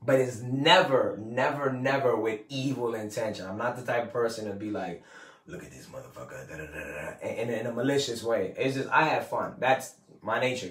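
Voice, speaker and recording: A man hosting a podcast, giving a casual, profane motivational talk, rambling and emphatic and quoting people in put-on voices. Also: medium pitch. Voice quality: swears freely, slangy street talk. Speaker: podcast host. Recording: roomy and distant from the mic.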